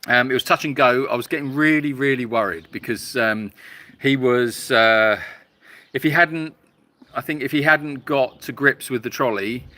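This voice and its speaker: A tired man talks outdoors into a phone held up for a live stream, with a bright, forceful voice. He rambles along, stalling on fillers and repeats as he answers viewers from the sanctuary. Animals and birds can be heard faintly behind him. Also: mid-range voice, dry recording. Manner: rambling, halting with many fillers. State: tired and hot. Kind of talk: casual live-stream chat reading viewer comments.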